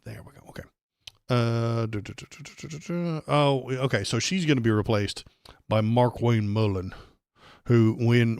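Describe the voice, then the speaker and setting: A man's voice: mid-range voice, moderate pace, a little mellow, smooth, no echo, clean studio sound. A man hosting a live political stream, ranting angrily and sarcastically with plenty of profanity. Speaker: livestream political commentator.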